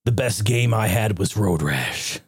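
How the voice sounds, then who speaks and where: A man voicing a gruff, swaggering male game console with a low drawl. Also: lively intonation, measured pace, no echo, studio quality, heavily acted.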